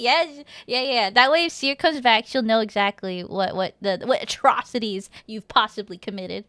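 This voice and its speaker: A woman streamer talks casually and rambles, giggling as she reads her chat aloud. Her voice sits high and sounds bright. The sound is dry and close, with no room echo. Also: normal speed.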